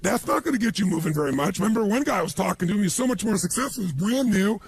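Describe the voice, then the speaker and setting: A man giving a motivational seminar talk, telling stories to an audience in an animated way and acting out the people he quotes. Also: high voice, fast talker, gravelly, a little hiss or hum. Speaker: motivational speaker.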